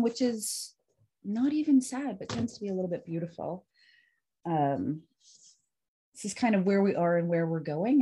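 Woman, coach, husky, mellow, lower pitch, chatty and animated. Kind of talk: casual talk to a virtual group, then reading a poem.

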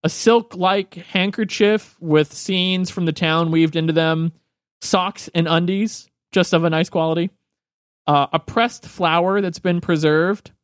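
Game master, man with a high voice, relaxed, laughs easily, dry room. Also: a little slow, no echo. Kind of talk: narrating a tabletop game.

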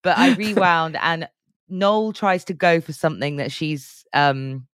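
A woman's voice: sits low, steady tone, a little slow, dry recording, studio quality. A woman from Britain co-hosting a podcast, chatting casually and animatedly, laughing often and trying out silly impressions. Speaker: podcast co-host. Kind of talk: casual chat.

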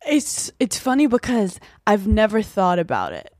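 A woman's voice: mid-range voice, huge pitch swings, normal speed, darkish tone, no echo, studio quality. A woman co-hosting a podcast in casual chat, speaking earnestly and reflectively. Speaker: podcast co-host.

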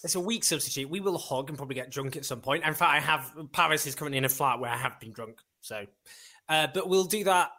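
A man's voice: on the high side, quick pace, pushed and bright. A man hosting a podcast in casual chat. He rambles, corrects himself often and jokes around. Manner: rambling and self-correcting, jokey. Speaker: podcast host.

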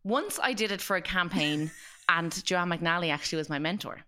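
Galway woman in studio chatting on a podcast, joking around, bright crisp voice. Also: lowish voice, moderate pace. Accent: Irish. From Galway, Ireland. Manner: playful, jokey storyteller. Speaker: podcast guest, comedian. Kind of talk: casual chat.

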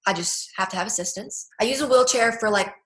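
A young adult woman, a guest in a personal testimony interview, tells her story earnestly and from the heart, peppering it with "like" and "you know." Her voice is a little high, a bit bright, and fast, and the recording has a roomy echo.

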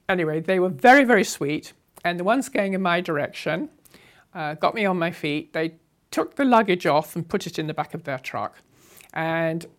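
Elderly woman telling her story. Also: on the low side. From England. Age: 80s. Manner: unhurried, wry, with soft laughs. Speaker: interviewee. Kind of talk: reminiscing storytelling.

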